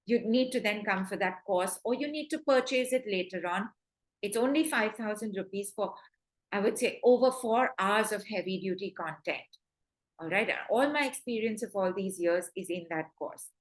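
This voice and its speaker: A middle-aged woman, giving a webinar lecture as a dog trainer and talking earnestly and emphatically. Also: a little high. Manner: earnest, emphatic, voices dogs' thoughts in quotes.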